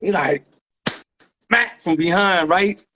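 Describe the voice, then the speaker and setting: A man, a graffiti writer guest telling a story in lively street slang with sound effects. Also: sits high, slow pace, a little hiss or hum. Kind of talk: animated storytelling.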